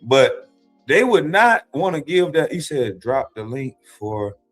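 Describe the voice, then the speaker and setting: A man's voice: mid-range voice, measured pace, faint music behind. A man co-hosting a casual reaction stream, joking and telling crude stories. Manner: animated, joking, crude storytelling. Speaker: stream co-host.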